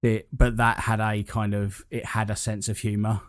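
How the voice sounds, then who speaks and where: A man's voice: fairly low pitch, little pitch movement, moderate pace, dry recording, studio quality. Rambling man chatting about games. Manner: rambling, lots of fillers and restarts, enthusiastic. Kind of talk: casual gaming chat.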